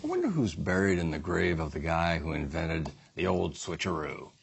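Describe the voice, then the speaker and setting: Low-pitched male guest with swinging intonation, playful joke reading, faint noise. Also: big pitch swings, normal speed, creaky. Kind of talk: reading jokes off cards.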